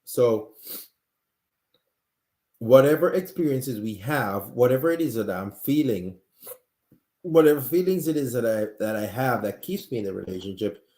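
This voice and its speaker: A man's voice: mid-range voice, lively intonation, moderate pace, pauses often, warm tone. Sick man hosting a live talk stream. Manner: earnest, talks straight to viewers, frequent restarts. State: sick, coughing. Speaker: host of a live call-in talk show. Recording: echoey room.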